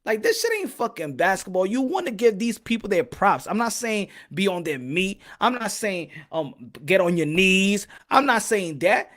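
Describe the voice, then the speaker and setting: A man's voice: high voice, very animated, normal speed, hardly any pauses, fairly bright tone. Male boxing podcast host, solo rant, fiery and foul-mouthed, with repetitive rhetorical jabs. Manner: heated, profane, hammering repeated rhetorical questions.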